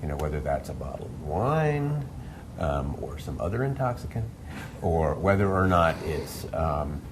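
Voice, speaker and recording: A documentary filmmaker answering interview questions in a rambling way, with many restarts. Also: male voice, extremely low pitch, sing-song, a little slow, noisy background.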